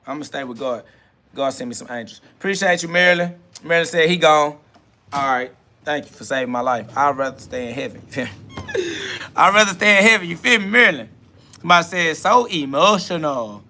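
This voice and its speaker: Blunt, bright-voiced man preaching on a live podcast. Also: on the high side. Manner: blunt, profane, preachy, repeats "facts"; answers chat comments aloud. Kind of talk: live self-talk podcast monologue.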